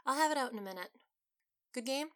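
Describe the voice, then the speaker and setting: A woman voicing a busy, testy female cook who speaks in a brisk, matter-of-fact way. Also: high-pitched, lively intonation, voice pushed up.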